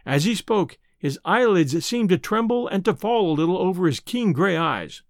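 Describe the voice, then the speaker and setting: Lively, high-voiced male storyteller. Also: moderate pace, few pauses, no echo, studio quality. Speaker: audiobook narrator. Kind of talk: scripted first-person novel narration.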